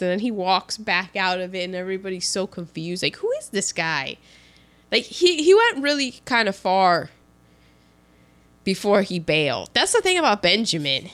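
A woman's voice: mid-range voice, moderate pace. A woman in casual chat, retelling a film scene by scene, acting out the characters' lines with lots of restarts. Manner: animated, acts out lines with restarts.

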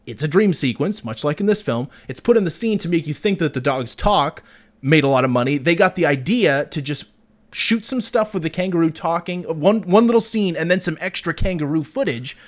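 Animated man co-hosting a movie podcast. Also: fairly high pitch, brisk. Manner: animated, swearing, laughing often. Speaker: podcast co-host. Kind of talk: casual movie review chat.

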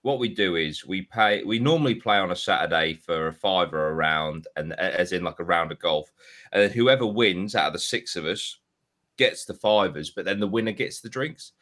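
A man, a podcast co-host, telling a story in casual chat, animated and swearing freely. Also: low voice, normal speed.

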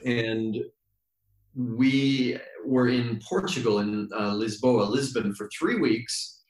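A man's voice: mid-range voice, fairly even intonation, a little mellow. Reflective man in a roomy space. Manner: reflective, meandering, slows down for emphasis. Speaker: yoga teacher, podcast guest. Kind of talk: relaxed storytelling interview. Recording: roomy echo.

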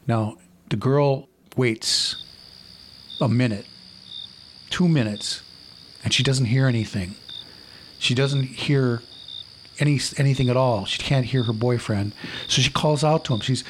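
A man's voice: mid-range voice, expressive, moderate pace. Man telling a spooky campfire story. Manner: dramatic, suspenseful. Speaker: podcast host.

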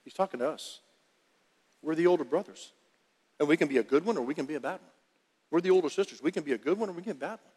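A male pastor preaching a sermon in an animated, emphatic way, often repeating phrases. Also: on the high side, very fast, pauses often, husky, in a large hall.

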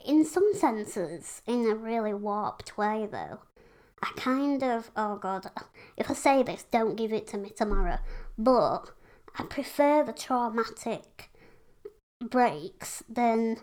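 A woman from England talking frankly and casually as a podcast guest, with lots of "like" and "you know". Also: a little high. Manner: chatty, frank, lots of fillers. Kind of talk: casual conversation.

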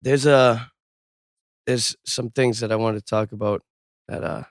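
A man with a mid-pitched voice rambles loosely as a podcast co-host. He swears freely and sometimes loses his train of thought. The sound is dry and close. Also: steady tone, a little slow, no room sound. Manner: loose, profane, wandering. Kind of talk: casual crude chat.

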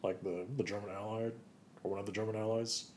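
Young male co-host, low voice, deadpan and halting, often trailing off. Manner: dry, hesitant, mumbling asides. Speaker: podcast co-host. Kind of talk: casual comedic banter.

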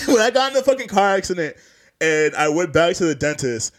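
Young man, podcast co-host, casual chat, rambling, profane, laughs often, lively pitch. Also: moderate pace.

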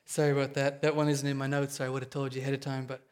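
A man preaching a sermon to his congregation, excitable and quick, often checking in with them. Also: medium pitch. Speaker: pastor.

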